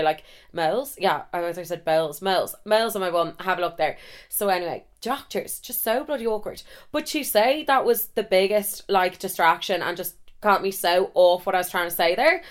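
A woman's voice: on the low side, brisk. A woman in her twenties with an Irish accent, telling funny stories on her podcast in a chatty, swearing, self-deprecating way. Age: 20s. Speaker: podcast host. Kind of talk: casual storytelling monologue.

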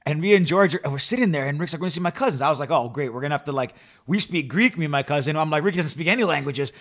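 A young man co-hosting a casual podcast, telling stories with animated energy and frequent laughter. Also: a little high, racing. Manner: animated storyteller, laughs often. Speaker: podcast co-host. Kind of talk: casual chat.

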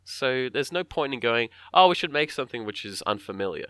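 A man's voice: mid-range voice, lively intonation, brisk, a bit bright, dry recording, studio quality. A man co-hosting a podcast, rambling in casual chat and restarting his sentences often. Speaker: podcast co-host.

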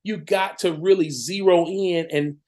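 A man in his forties with a high-pitched voice speaks as a guest on a podcast. He is emphatic and affirming, and he leans into his points as he makes them. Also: steady tone, unhurried, a little mellow. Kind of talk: casual podcast conversation.

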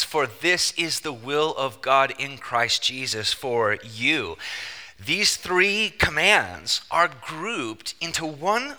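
A man preaching a sermon as pastor, emphatic and animated, with joking asides. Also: a little high. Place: church sanctuary. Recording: long church-hall reverb.

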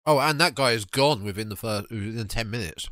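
A man co-hosting a horror podcast, chiming in with quick agreements and jokes. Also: lowish voice, fairly bright tone, dry recording, studio quality. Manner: chimes in with short agreements and jokes. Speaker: podcast co-host. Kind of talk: casual film-review chat.

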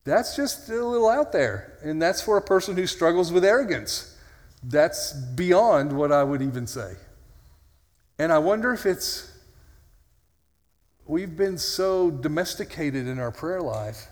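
A man's voice: a little high, lively intonation, unhurried. A male pastor preaching an earnest, conversational sermon with dry, self-mocking humor. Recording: long hall reverb.

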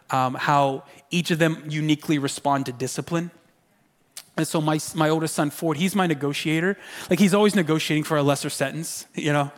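Pastor guy preaching, high voice, chatty and animated, gets soft and pleading sometimes. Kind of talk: sermon.

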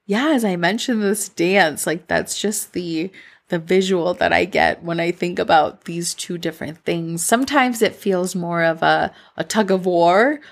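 A woman's voice: on the low side, a little slow, vocal fry. A young woman with a Midwestern American accent, hosting a solo podcast and talking candidly in a rambling, reflective way, full of "like" fillers. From born in Colombia, raised in Minnesota. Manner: candid, rambling, frequent "like" fillers, laughs at herself. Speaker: podcast host.

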